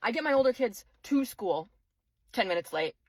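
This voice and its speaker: A young mother vents in a furious, profane vlog rant, swearing and circling back to the same complaints. Her voice is husky and slightly breathy. It sounds dry and close, with no room around it. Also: a little high, lively intonation, normal speed, no room sound, low-quality recording. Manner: profane, exasperated ranting with repeated outbursts. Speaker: single mother of five.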